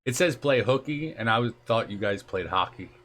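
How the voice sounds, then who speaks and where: A man's voice: mid-range voice, lively intonation, moderate pace, fairly bright tone, a little hiss or hum. A man hosting a live stream in casual chat, joking and quizzing his guest. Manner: jokey, laughs often. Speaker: stream host.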